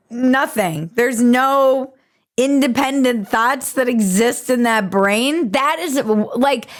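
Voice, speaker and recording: A woman hosting a podcast, giving casual, opinionated commentary in an irreverent, sarcastic way and swearing casually. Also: on the high side. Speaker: podcast host.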